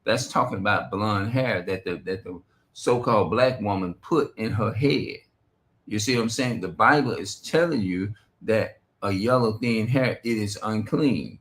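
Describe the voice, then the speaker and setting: A man's voice: on the low side, normal speed, fairly bright tone. A man giving a rambling, profane religious monologue on a stream, reading scripture aloud between his remarks. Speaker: street preacher.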